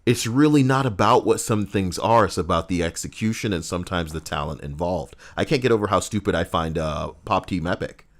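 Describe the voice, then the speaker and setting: A man's voice: sits low, a little fast, hardly any pauses. A man chatting casually on a game livestream, profane and rambling. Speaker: game streamer.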